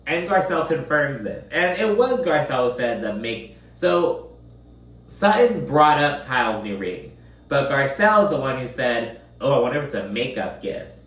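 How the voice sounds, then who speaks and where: A man's voice: mid-range voice, big pitch swings, moderate pace, a bit bright. Swearing man chatting in an echoey room. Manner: chatty, profane, full of "like" fillers. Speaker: reality TV recap commentator. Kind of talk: casual commentary recap. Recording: roomy, mic at a distance.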